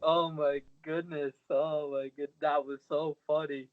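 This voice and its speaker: A man's voice: fairly high pitch, level tone, measured pace, no echo. A man who wrestles professionally, talking casually and boastfully in an interview over a video call. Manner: boastful, cocky heel bravado. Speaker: pro wrestler guest. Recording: slightly dull video call audio.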